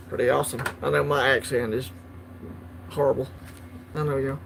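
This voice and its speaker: A man's voice: mid-range voice, flat delivery, moderate pace, vocal fry, pauses often, fairly bright tone, slight background noise. Laid-back man unboxing. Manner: laid-back, chatty, laughs easily. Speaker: coin collecting channel host. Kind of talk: casual unboxing livestream.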